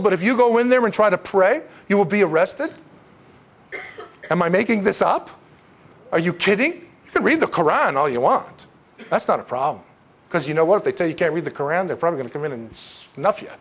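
A man delivers a sermon with rising fervor. His voice sits on the higher side and swells into loud, emphatic peaks before dropping back to quieter asides. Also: big pitch swings, a little fast. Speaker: preacher.

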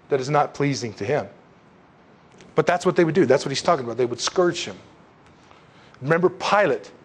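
Impassioned preaching man, higher voice. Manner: impassioned, rising to loud emphatic peaks. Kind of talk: sermon.

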